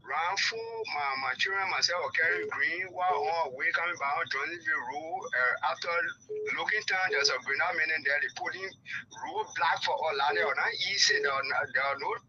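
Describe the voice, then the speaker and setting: A man's voice: on the high side, sing-song, pushed and bright. Pleading male caller on a noisy phone line. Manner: halting, repeats words, pleading. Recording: dull phone line with clear noise.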